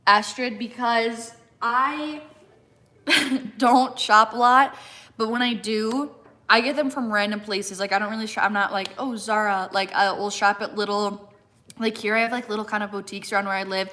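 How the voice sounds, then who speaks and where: A woman's voice: mid-range voice, pushed and bright. A young woman chatting casually on a live stream, reading out viewer comments and using "like" constantly while eating. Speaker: fitness content creator.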